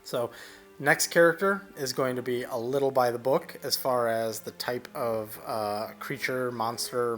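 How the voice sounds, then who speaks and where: A man's voice: medium pitch, fairly bright tone. A young man casually narrating over his digital painting, rambling loosely with plenty of fillers and restarts.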